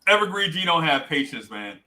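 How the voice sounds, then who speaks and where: Brisk and fairly high-pitched, this man hosts a livestream, narrating a story with lots of animation, doing voices, and reading out chat messages. It's a low-quality recording.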